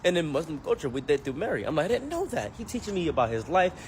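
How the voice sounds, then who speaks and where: A commentary YouTuber telling a comic story, animated and joking, acting out every character he mentions. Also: fairly high pitch, very fast, a little hiss or hum. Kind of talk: comedic storytelling.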